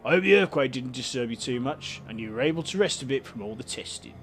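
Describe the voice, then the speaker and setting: Cockney game councillor, big bearded man, calm and welcoming, lively up-and-down delivery, put on by a male player reading dialogue. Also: medium pitch, fast, faint music behind, close to an everyday voice.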